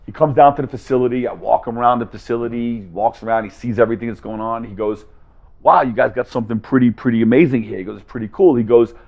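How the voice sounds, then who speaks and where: A man in mid-range pitch tells a story with animated energy, switching voices to act out each side of a conversation. The sound is dull and slightly lo-fi. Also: fast, vocal fry. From Las Vegas, USA. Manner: animated, acts out both sides of conversations. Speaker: guest speaker. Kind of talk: storytelling talk to a live audience.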